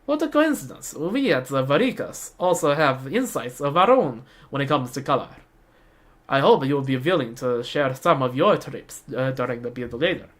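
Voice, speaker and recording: A woman reading a game scene aloud, voicing a haughty rival designer in a put-on Russian accent, smooth and mock-polite. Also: rumbling low, expressive, normal speed. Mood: smug.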